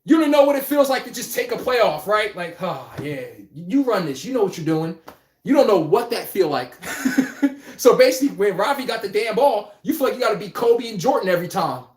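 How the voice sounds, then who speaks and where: A man's voice: sits high, animated, fairly quick, roomy sound. A man hosting a casual live-stream sports podcast, talking bluntly and animatedly, swearing and laughing as he rants. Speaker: podcast host.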